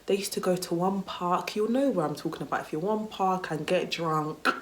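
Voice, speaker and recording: A young British woman with a lowish voice and moderate pace vlogs a casual story time. She's candid and chatty, with lots of "like" and "you know" and a bit of swearing.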